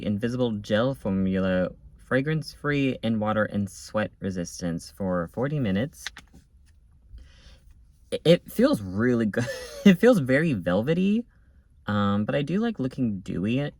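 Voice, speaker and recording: A man's voice: fairly low pitch, very animated, measured pace, a little mellow. A man chatting casually in a daily vlog, bubbly and often correcting himself, filming himself with a handheld camera outdoors and at home. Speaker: vlogger. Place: outdoors at a farmers market, then at home.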